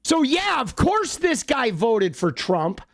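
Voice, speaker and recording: A woman's voice: high voice, big pitch swings, slow pace. A woman co-hosting political commentary on a livestream, sarcastic and full of rhetorical questions. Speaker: livestream co-host.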